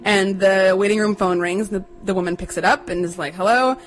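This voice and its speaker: A young adult woman chattily telling a personal story to listeners, acting out the quotes in a higher voice. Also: steady tone, fairly quick, rough recording.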